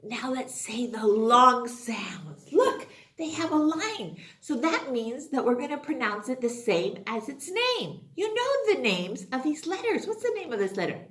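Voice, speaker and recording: A woman teaching young children phonics in a slow, exaggerated sing-song manner, full of praise. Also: high-pitched, sing-song, a bit bright. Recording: echoey room.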